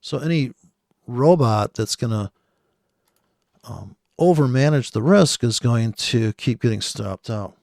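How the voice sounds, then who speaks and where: Gravelly, profane man riffing on trades. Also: medium pitch, a little slow, a little mellow, dry recording, studio quality. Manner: rambling, profane, sarcastic. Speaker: forex trader. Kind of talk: casual screen-share trading commentary.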